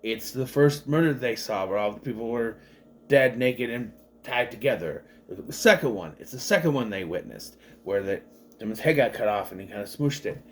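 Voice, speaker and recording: A man's voice: medium pitch, moderate pace, slight background noise. A man giving a casual, chatty movie review, rambling with many fillers and restarts and acting out the characters' lines. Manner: animated, acts out the characters' lines.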